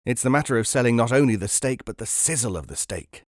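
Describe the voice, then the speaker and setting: A male narrator reads a book aloud in a measured, even storytelling manner, at a mid-pitched, ordinary register. The recording is dry and close, with no room sound. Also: no room sound. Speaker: podcast narrator.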